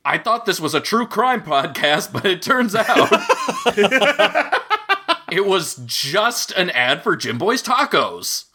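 A man's voice: high voice, huge pitch swings, slow pace, sharp tone, slightly rough. A man co-hosting a casual podcast, making wry jokes among friends. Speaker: podcast co-host.

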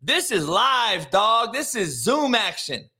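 A man hosting a live sports talk show, ranting combatively with heavy swearing and bursts of shouting. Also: high voice, sing-song, slow, husky. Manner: profane, combative, shouting rants.

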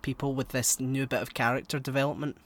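A man co-hosting a podcast, chatting casually and rambling, with loud outbursts between mumbled asides. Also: medium pitch, level tone, quick pace, no echo. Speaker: podcast co-host.

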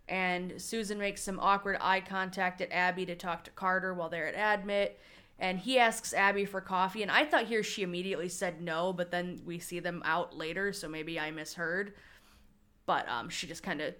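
A woman's voice: fairly low pitch, a bit bright. A woman co-hosting a casual TV recap podcast, conversational with wry asides. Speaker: podcast co-host.

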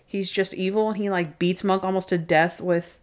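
A woman's voice: on the low side, steady tone, normal speed. A young woman co-hosting a casual podcast, chatty and full of "like" fillers. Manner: chatty, frequent "like" fillers, laughs at own jokes. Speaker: podcast co-host. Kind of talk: casual chat.

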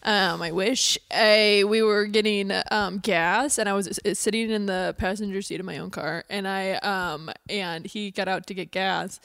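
A woman's voice: mid-range voice, fairly even intonation, a little slow, creaky, hardly any pauses, a bit bright, dry recording, studio quality. A woman hosting a casual podcast chat, telling stories with frequent giggles. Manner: giggly storyteller. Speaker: podcast host.

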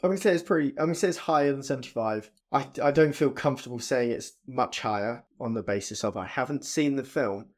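A man's voice: mid-range voice, quick pace, few pauses. A man guessing in a film podcast quiz, hesitantly reasoning his way aloud to a number. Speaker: podcast co-host, quiz contestant. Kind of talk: casual film chat.

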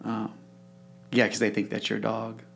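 A man's voice: on the low side, monotone, unhurried, gravelly, a bit bright. A man hosting a podcast, chatting casually and agreeably, prompting his guest along. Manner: agreeable, encouraging, eager to prompt. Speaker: podcast host. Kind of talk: casual interview chat.

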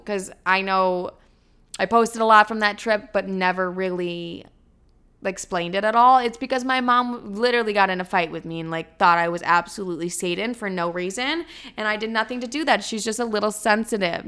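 A woman's voice: medium pitch, brisk, fairly bright tone, clean tone. A woman in her early twenties hosting a casual solo podcast, chatty and blunt, swearing freely and filling her talk with "like". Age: 20s. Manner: chatty, blunt and profane, heavy filler "like". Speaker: podcast host.

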